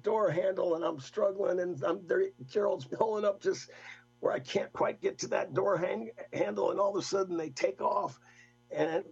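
An older man, a guest, telling a rambling, animated story in casual talk. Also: sits high, moderate pace, creaky, slightly rough, dull audio, soft background music. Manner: rambling, animated anecdote with laughs.

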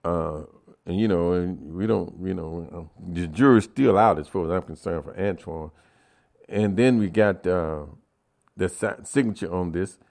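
Low-voiced radio host, halting and emphatic. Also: male voice, gravelly, darkish tone. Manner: halting, repeats words, rises emphatically on key points. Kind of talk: community radio talk, addressing listeners.

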